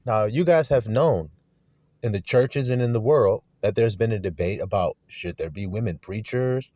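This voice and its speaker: A man's voice: lowish voice, normal speed, warm tone, no echo. A man preaching a sermon to his flock, asking pointed rhetorical questions in an earnest manner. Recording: dull lo-fi recording.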